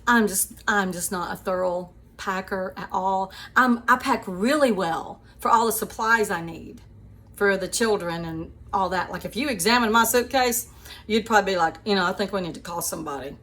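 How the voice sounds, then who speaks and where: A woman hosting her own show, telling a personal story to her viewers in a chatty, animated way, often laughing and calling them sweeties. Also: mid-range voice, normal speed. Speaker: show host.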